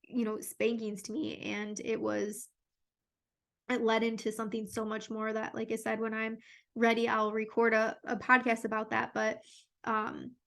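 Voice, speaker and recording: Frank woman podcast host, slightly high. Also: completely flat delivery, normal speed, vocal fry, fairly bright tone. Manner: frank and open, peppered with "like" and "you know". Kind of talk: candid solo podcast talk.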